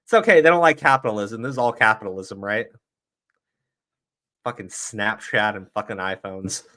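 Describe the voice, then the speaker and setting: A man's voice: on the low side, normal speed, sharp tone. Foul-mouthed, heated man ranting. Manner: profane, heated, sarcastic. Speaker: streamer commentator. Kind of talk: ranting livestream commentary.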